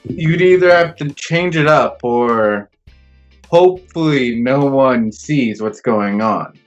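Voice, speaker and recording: A young man co-hosting a casual podcast, talking haltingly with lots of fillers. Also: medium pitch. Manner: halting, filler-heavy, slow to find words. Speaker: podcast co-host. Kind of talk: casual chat. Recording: dull lo-fi podcast audio with faint music.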